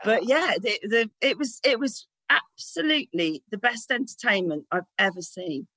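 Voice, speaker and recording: A woman's voice: mid-range voice, expressive, normal speed, pushed and bright, dry recording, low-quality recording. A woman, a guest telling candid, sweary stories in casual chat and laughing often.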